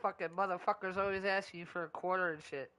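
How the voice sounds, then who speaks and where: A gaming streamer with a high, steady, sharp voice that is clear and resonant chats fast while playing a video game. He rambles loosely and swears constantly.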